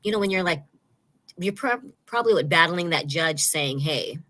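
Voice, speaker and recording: A woman's voice: fairly low pitch, animated, normal speed, pushed and bright. A middle-aged woman hosting an interview podcast, telling personal stories openly, with many fillers. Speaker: podcast host. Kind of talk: conversational interview.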